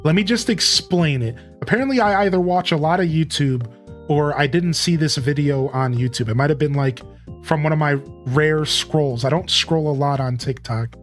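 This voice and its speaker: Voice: medium pitch, normal speed. Chatty streamer over faint music. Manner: chatty, loose, greets chat by name. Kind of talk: casual live-stream chat and storytelling.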